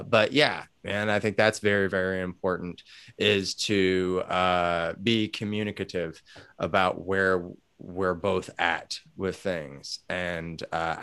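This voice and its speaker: Animated casual man, smooth voice. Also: sits low, measured pace. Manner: animated, swearing, acts out quoted dialogue. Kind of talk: casual chat.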